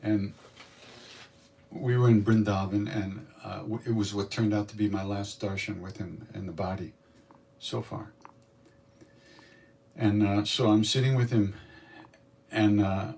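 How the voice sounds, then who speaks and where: Older man, low voice, storytelling satsang, animated, acts out quotes, sits back from the mic. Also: moderate pace, recorded from a distance. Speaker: spiritual teacher telling stories.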